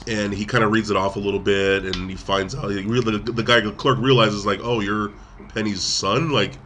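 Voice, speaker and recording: With little pitch movement, a podcast host speaks a little fast in a lowish, fairly bright voice against slight background noise. His casual movie review chat rambles along, broken up by acted-out quotes.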